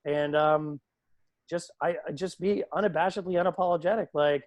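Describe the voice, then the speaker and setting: Male PA announcer, slightly higher voice, animated storyteller, dry video-call audio. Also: normal speed, dry recording. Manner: animated, acts out quoted voices.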